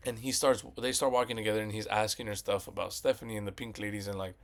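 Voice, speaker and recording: A man's voice: on the low side, fairly even intonation, fast talker. Profane rambling young man ranting about movies. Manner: profane, rambling, retells scenes with quoted voices. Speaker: movie commentary vlogger. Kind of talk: casual movie rant.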